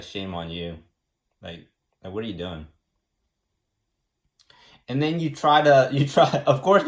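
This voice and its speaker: A man from the United States explaining government in a casual, rambling way, repeating words and filling pauses with "like" and "um". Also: medium pitch. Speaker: explainer teaching about government.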